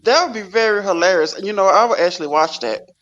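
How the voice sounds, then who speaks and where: High-voiced teasing man, dull lo-fi sound. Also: expressive, noisy background. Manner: teasing, laughs, quick. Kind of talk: casual podcast banter.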